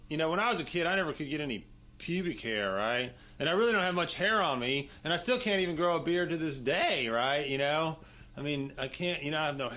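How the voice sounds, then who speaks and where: Bright-voiced, foul-mouthed man telling stories. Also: a little high. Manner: profane, rambling, peppers lines with "you know" and "right". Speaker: interview guest. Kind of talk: casual storytelling.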